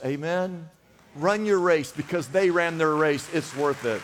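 A man's voice: high-pitched, expressive, normal speed, fairly bright tone, in a large hall. A man preaching a sermon as pastor, urging his congregation on with emphatic, repeated exhortations. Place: church in Los Angeles.

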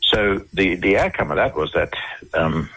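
Husky low-voiced Australian man. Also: lively intonation, bright, forceful tone, rough recording. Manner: halting, with many restarts and repeated words. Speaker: interview guest. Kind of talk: storytelling in a radio interview.

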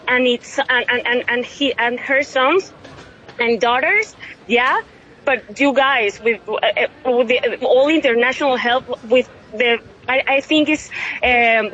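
A woman in her thirties from Venezuela, tearful and overwhelmed, speaking haltingly with many restarts in an emotional interview over a phone line. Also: sits high, a bit bright. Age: 30s.

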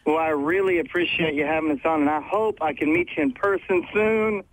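A man's voice: high-pitched, lively intonation, fairly quick, no room sound. Upbeat young man on a phone call. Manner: upbeat, laughs often. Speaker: guest musician. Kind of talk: phone interview chat.

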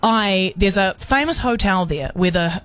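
A woman co-hosting a radio show, telling an animated story in casual chat, peppered with British slang and drawn-out terms of endearment. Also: medium pitch.

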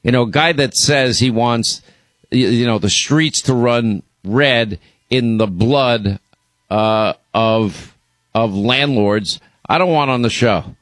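A man's voice: mid-range voice, slow, a bit bright, no room sound. A man hosting a talk radio show, blunt and indignant, often stumbling over his words as he goes. His voice sits mid-range. It sounds close and dry, with no room around it. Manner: blunt, indignant, many restarts. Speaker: radio and podcast host.

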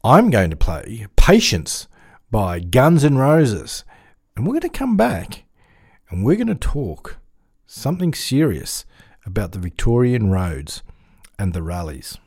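A man's voice: fairly low pitch, big pitch swings, slow, darkish tone, slightly rough. An Australian man hosting a community radio show from the studio, chatting and joking to himself. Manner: chatty, jokey, talks to himself. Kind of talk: casual radio chat.

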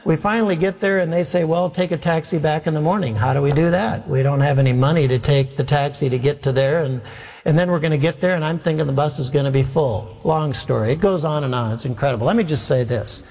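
Man, pastor, animated self-mocking storyteller, slightly high voice, long church reverb. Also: quick pace. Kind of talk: sermon storytelling.

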